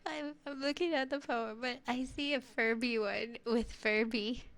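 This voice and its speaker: A woman's voice: a little high, steady tone, a little slow, fairly bright tone. A woman ASMR streamer chatting casually with her viewers, giggling often and poking fun at herself. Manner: giggly, self-deprecating, laughs often.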